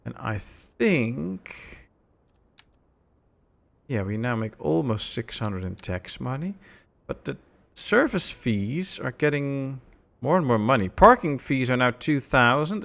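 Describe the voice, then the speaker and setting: Guy streaming a city builder, gravelly voice, pitch jumps around a lot, laid back chatter. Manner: relaxed, chatty, reads out chat messages. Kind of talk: casual live-stream commentary.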